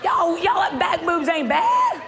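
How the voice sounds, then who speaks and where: A woman, preaching a sermon with humor, often shouting. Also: extremely high pitch, huge pitch swings, takes it slowly, noisy background. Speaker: pastor. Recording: church hall reverb with faint crowd.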